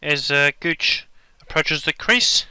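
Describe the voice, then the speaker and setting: A man playing a pompous male TV cricket commentator in a comedy sketch, with measured broadcast delivery. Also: on the high side, bright, forceful tone, clean tone, dry recording, full character voice. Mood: wry.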